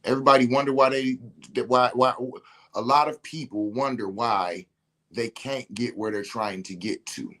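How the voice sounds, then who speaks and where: Male host, ordinary pitch, venting emphatically in loose slang. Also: moderate pace, fairly bright tone. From Detroit. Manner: emphatic, slangy, repeats himself. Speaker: podcast host. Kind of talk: casual spiritual rant.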